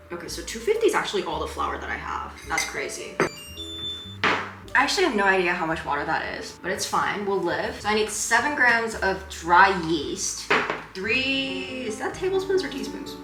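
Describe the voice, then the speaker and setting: A woman's voice: fairly low pitch, pushed and bright, echoey room. A young woman from Korea chatting casually in a cooking vlog, rambling in a sarcastic, self-mocking way. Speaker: cooking vlogger. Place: home kitchen.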